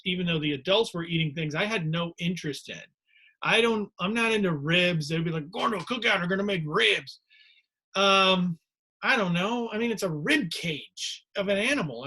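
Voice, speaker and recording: A man's voice: sits high, fairly bright tone. A man hosting a rambling, digressive comedic monologue. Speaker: host.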